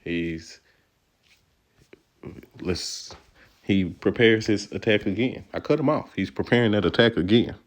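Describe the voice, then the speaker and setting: A man's voice: lowish voice, measured pace, long pauses. A male stand-up comedian from Texas giving casual, playful, slangy commentary on his own set and laughing often. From Texas, USA.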